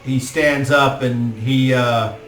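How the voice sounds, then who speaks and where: A man narrating a tabletop game as game master, unhurried and halting, with many fillers. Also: mid-range voice, fairly even intonation, fairly bright tone. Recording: roomy, distant mic, faint music.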